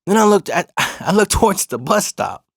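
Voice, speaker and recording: A man's voice: sits high, normal speed, vocal fry, husky, dry recording, clean studio sound. Profane, slangy man telling a story. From Arizona. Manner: profane, slangy, animated retelling. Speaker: storyteller host. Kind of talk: casual storytelling.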